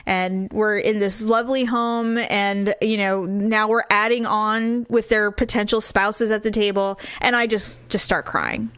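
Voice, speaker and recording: A woman's voice: mid-range voice, unhurried, few pauses, fairly bright tone, clean tone, no echo, clean studio sound. A middle-aged woman co-hosting a podcast, chatting casually, telling stories with quoted voices and frequent laughter. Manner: chatty storyteller, laughs often, acts out quotes. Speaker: podcast co-host. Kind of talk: casual chat.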